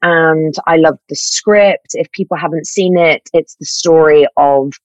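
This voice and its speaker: A woman, an actress talking in an animated, chatty way with fillers and self-corrections in an interview. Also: sits low, measured pace, no echo, highs cut off. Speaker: actress guest. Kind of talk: casual interview chat.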